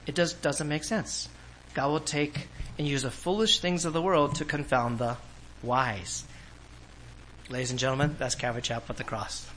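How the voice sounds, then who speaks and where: A man from California, a pastor, preaching a sermon and telling personal stories in an animated way, often laughing. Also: mid-range voice, moderate pace, a little hiss or hum, poor audio. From Orange County, California.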